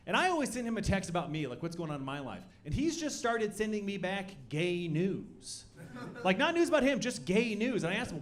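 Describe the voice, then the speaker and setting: Man doing deadpan stand-up, high voice. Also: quick pace, slight background noise. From Colorado. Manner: deadpan delivery that bursts into loud shouted act-outs. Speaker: stand-up comedian. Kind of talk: stand-up comedy set. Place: comedy club stage. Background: audience laughter.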